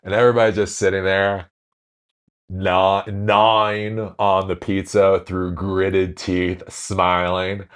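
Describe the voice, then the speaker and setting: A man hosting a podcast news commentary, animated and sarcastic, switching between reading news excerpts and ranting. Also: low-pitched, slow, clear, resonant tone. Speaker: host.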